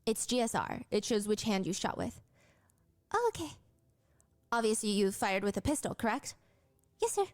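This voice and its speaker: Female true-crime narrator, calm and measured, dry close recording. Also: mid-range voice, no echo.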